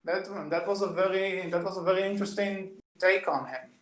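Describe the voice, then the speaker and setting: A man with a fairly high voice co-hosts a casual podcast and talks through film scenes with eager detail. His voice bounces around a roomy, echoey space. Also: steady tone, a little fast, a bit bright. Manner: eager, retells scenes at length. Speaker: podcast co-host.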